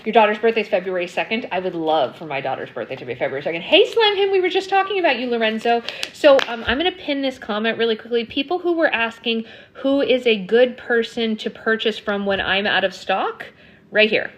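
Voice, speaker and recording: A woman's voice: fairly high pitch, expressive, a little fast, lo-fi sound, slight background noise. Chatty woman hosting a live stream. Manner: chatty, answers viewer comments, many ums. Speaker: slime livestream host. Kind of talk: casual livestream chat.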